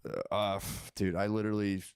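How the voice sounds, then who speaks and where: A man's voice: lowish voice, level tone, fairly quick, clean tone. A young man telling a long story in casual chat with friends, rambling, swearing, often laughing and restarting his sentences.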